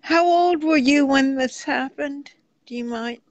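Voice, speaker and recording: A woman interviewing a guest, asking curious, gently probing questions. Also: high voice, unhurried, dry recording, highs cut off.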